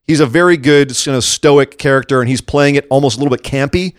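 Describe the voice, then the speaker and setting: A man in a casual co-hosted chat, animated and quick to act out the lines people said as he retells them. His voice sits at an ordinary middle pitch. The sound is dry and close, with no room echo. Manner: animated, acts out quotes while retelling. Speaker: podcast co-host. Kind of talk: casual chat recapping wrestling.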